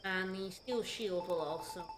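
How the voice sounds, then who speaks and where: A woman's voice: fairly low pitch, a little slow, background noise. A woman co-hosting a game stream, giving upbeat, practical commentary on the game. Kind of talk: casual gameplay chat. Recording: echoey room with game music.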